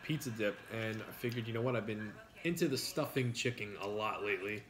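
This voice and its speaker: Chatting while eating, this middle-aged New York-accented mukbang host tells rambling stories full of jokes. He speaks a little fast, in a lowish, fairly bright voice.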